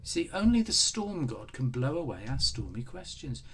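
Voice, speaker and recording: A man preaching a sermon, animated, acting out the voices in the story. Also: medium pitch, moderate pace, slight background noise. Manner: animated, acts out voices of God and Job.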